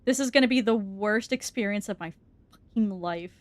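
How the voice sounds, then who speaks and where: A woman's voice: mid-range voice, normal speed. A woman streamer giving let's-play commentary on a horror game, jumpy and scared, swearing and laughing nervously.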